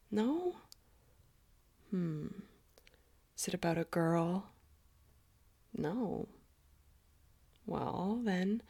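A woman playing a doting, flirty middle-aged mom, slow and gravelly. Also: lowish voice, full character voice. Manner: coos and murmurs, soft breathy asides. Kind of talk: whispered role-play.

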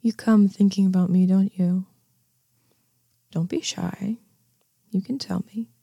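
A woman doing a husky, bossy teasing neighbor. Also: on the low side, steady tone, warm tone, dry recording, clean studio sound, full character voice. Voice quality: breathy, half-whispered. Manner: slow, coaxing, commanding. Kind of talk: whispered role-play.

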